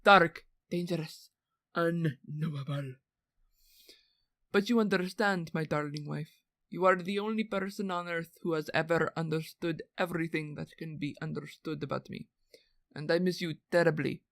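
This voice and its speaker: A woman's voice: deep voice, moderate pace, a bit bright, dry recording. A woman reading out a lovesick carver's letter in a theatrical put-on accent, with a dry, close sound. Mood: yearning. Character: brooding lovesick male carousel carver.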